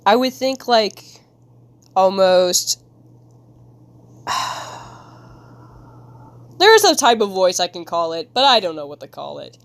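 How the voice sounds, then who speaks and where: A woman's voice: medium pitch, big pitch swings, takes it slowly, pauses often, no room sound. A woman streamer chatting casually with her viewers while she draws, giggling and rambling in a silly way. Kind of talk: casual live-stream chat while drawing.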